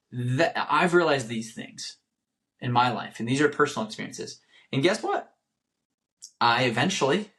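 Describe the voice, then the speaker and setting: Young male podcast host at mid pitch, earnest, repeats himself for emphasis. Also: a bit bright. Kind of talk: solo motivational podcast talk.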